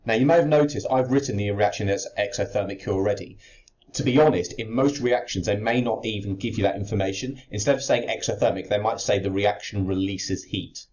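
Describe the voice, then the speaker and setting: A man's voice: lowish voice, fairly quick, a little mellow. A man teaching chemistry exam technique, explaining step by step while he writes out a worked answer. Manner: explains step by step while writing, with fillers and restarts. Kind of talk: exam-prep lesson walking through a worked answer. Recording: slightly dull lo-fi audio.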